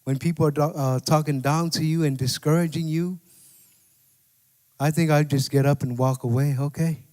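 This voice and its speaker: A man's voice: a little high, fairly even intonation, moderate pace, warm tone. A man preaching a sermon as pastor, talking to the congregation in a conversational way and often asking "right?". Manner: conversational preaching with repeated "right?" and scripture quotes. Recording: long hall reverb.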